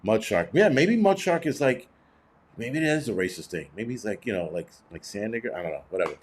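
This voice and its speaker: A man's voice: on the low side, expressive, fairly quick, slight background noise. A middle-aged man hosting a livestream, reading chat and ranting bluntly with heavy cursing in a cranky, rambling way.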